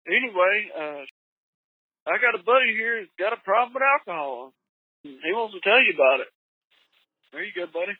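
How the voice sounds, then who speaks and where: A man's voice: high voice, lively intonation, normal speed, long pauses, husky, no room sound, narrow, tinny audio. A man calling in to a podcast hotline who talks in a blunt, teasing way. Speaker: caller.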